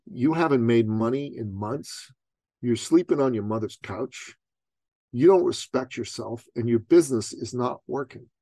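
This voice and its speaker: A man quoting a blunt, unflinching male business coach in a quiet, flat delivery. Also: mid-range voice, normal speed, dry recording. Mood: stern.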